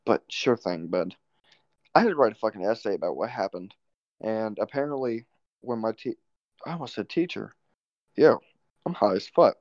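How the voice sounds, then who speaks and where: A man's voice: fairly low pitch, animated, normal speed, pauses often, a little mellow, no echo. A young man hosting a podcast, telling a rambling, profane story in a laid-back way. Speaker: podcast host. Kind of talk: casual storytelling. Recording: dull, dry lo-fi recording.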